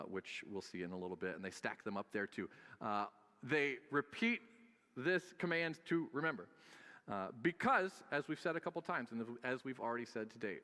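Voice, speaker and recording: A man's voice: medium pitch, fairly bright tone, big-room sound. A man preaching a sermon as pastor, conversational and joking, with frequent filler sounds.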